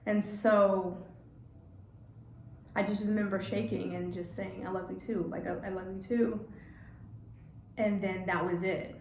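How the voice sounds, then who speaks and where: A woman telling a personal story in a vlog, halting and repeating words, getting emotional. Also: mid-range voice, fairly even intonation, creaky, a little mellow, roomy sound. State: emotional, near tears. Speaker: vlogger.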